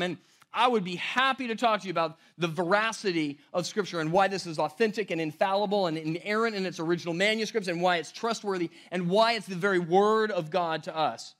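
A male pastor preaching a sermon, emphatic, swinging between loud stress and near-hushed lines. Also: high-pitched.

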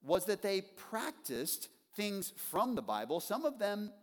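A man preaching an expository sermon in an earnest way, slowing down and repeating his key phrases. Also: high-pitched, big pitch swings, long reverb tail. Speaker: pastor.

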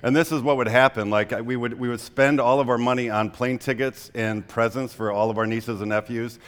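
A young adult man preaching a sermon as a pastor, in a relaxed conversational way, full of fillers, telling personal stories. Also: mid-range voice, brisk, smooth. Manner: conversational, frequent "like" fillers, storytelling. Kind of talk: casual sermon.

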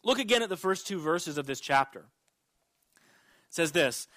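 A male pastor preaching a sermon, reading scripture aloud and stressing words with sharp rises and drops. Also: a little high, animated, normal speed, long pauses, no echo.

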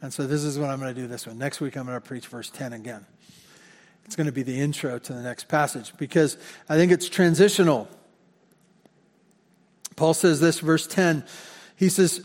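Pastor preaching with high voice in hall. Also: male voice, normal speed, pauses often. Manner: conversational, self-correcting, repeats words. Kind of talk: sermon. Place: church sanctuary. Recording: long hall reverb.

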